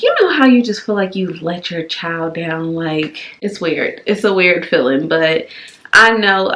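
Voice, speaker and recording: A woman's voice: on the low side, fairly bright tone. A young woman and mother chatting casually to viewers in a personal vlog, often calling them y'all. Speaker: vlogger, mother.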